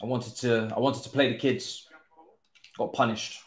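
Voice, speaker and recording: A young man, commentating his own football game live, groaning, swearing and now and then cheering loudly. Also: mid-range voice, fairly even intonation, a little slow, pauses often, roomy sound, a little hiss or hum. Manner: exasperated, groaning and swearing, swinging to loud cheers. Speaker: gaming streamer.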